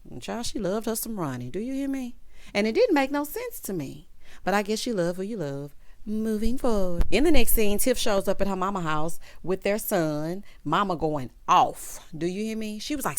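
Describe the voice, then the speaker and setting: A woman talks through a TV episode in a relaxed recap, animated and sassy. She keeps turning to her viewers with chatty asides. Her voice sits in an ordinary middle pitch for a woman. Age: adult with a child. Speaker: TV recap reviewer.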